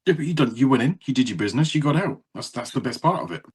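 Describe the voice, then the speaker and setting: A man's voice: mid-range voice, expressive, racing, slightly rough. A man co-hosting a podcast, bantering playfully and teasing his friend in casual chat. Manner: playful, teasing banter, sing-song greetings. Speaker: podcast co-host.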